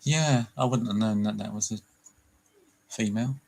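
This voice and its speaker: A man's voice: fairly low pitch, moderate pace, creaky, darkish tone, rough recording. A British man chatting casually on a livestream, joking and laughing often. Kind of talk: casual chat.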